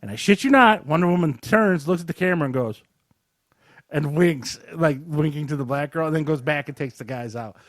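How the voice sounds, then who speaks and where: Casually reviewing a movie, a podcast co-host lively retells the plot and slips into exaggerated voices for the characters. He's a man with a slightly high voice and a brisk delivery, recorded clean in the studio with no echo.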